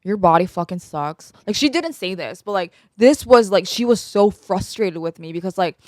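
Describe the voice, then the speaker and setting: A woman's voice: mid-range voice, animated, normal speed, a little mellow, no room sound, clean studio sound. A woman in her twenties hosting a podcast, talking candidly and emotionally about her own life in a rambling way with many fillers. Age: 20s. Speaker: podcast host. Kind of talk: candid personal chat.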